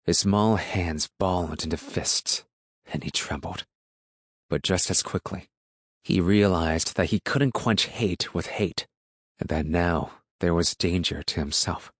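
A man reading a novel aloud as narrator, in a steady, measured storytelling manner. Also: low voice, husky, no room sound, clean studio sound. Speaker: audiobook narrator. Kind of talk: scripted narration.

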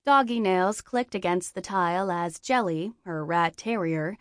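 Young woman reading a story out loud, lowish voice, dry close sound, wry and lively. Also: unhurried, dry recording. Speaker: narrator. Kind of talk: audiobook narration.

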